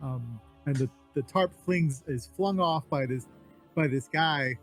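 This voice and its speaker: A man running a tabletop game as game master, narrating in a halting way with many fillers. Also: fairly high pitch, fairly bright tone, faint music behind.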